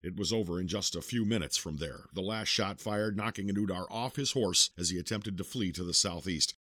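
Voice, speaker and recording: Low-voiced man narrating an audiobook. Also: fairly quick, bright, forceful tone, dry recording, studio quality.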